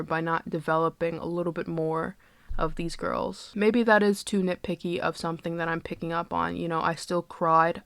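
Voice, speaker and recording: A woman's voice: on the low side, fairly bright tone, dry recording. A woman giving casual movie reviews in a candid, joking, sarcastic way, with profane asides. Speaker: film reviewer.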